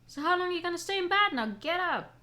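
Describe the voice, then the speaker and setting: A woman voicing a brisk, teasing young maid who bosses her roommate around. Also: very high-pitched, animated, pushed and bright, voice pushed up, heavily acted. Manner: brisk, scolding, bossy.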